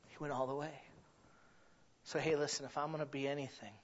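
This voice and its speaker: A man preaching a sermon as pastor, shifting from quiet, near-whispered passages to loud, exclaiming ones. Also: on the high side, flat delivery, a little fast, lo-fi sound. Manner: swings from hushed and intimate to loud and exclaiming.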